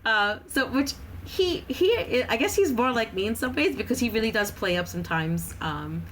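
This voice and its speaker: A woman's voice: a little high, animated, moderate pace, fairly bright tone, slight background noise, low-quality recording. A woman in her thirties, a podcast guest chatting casually with lots of fillers and frequent laughter.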